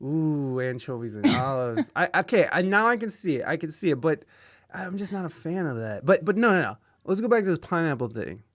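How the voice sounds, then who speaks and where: A man's voice: a little high, sing-song, brisk. A man hosting an interview in a casual, joking way, putting on playful outrage and teasing his guest. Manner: jokey mock outrage, theatrical and loud. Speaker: host.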